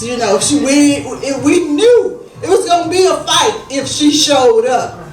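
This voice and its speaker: A woman doing stand-up comedy, telling family stories in an animated way and acting out her relatives' voices. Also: high-pitched, moderate pace. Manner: animated, acts out family voices, Southern Black vernacular. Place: small comedy club stage. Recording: echoey room, distant, faint music.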